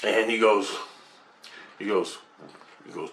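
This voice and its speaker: Low-voiced man telling a rambling story. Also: normal speed. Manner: rambling, profane, excitable. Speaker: vlogger. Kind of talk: personal storytelling to camera.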